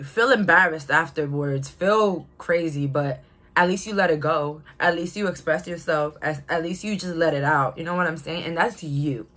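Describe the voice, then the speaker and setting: Her voice runs lowish with a touch of brightness. She's a twenty-something from Brooklyn, New York, chatting her way through an outspoken, casual tarot reading for viewers and laughing frequently.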